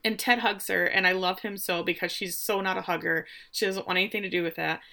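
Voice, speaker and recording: Bright-voiced chatty woman recapping a show. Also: mid-range voice, fast, creaky. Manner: animated storyteller who laughs often and briefly voices characters. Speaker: podcast host recapping a TV episode. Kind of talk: casual recap chat.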